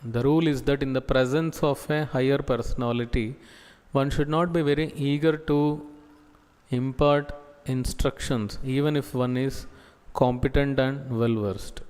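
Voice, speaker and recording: Slow, halting preacher in echoey hall. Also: male voice, medium pitch, fairly even intonation, a little mellow, smooth. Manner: slow, halting delivery with many pauses and fillers. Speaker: preacher giving scripture class. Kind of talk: sermon. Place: temple hall.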